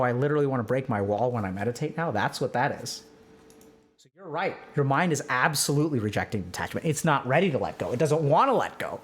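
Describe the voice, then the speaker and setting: A man giving an animated, conversational livestream lecture on meditation. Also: medium pitch. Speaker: streamer giving a talk.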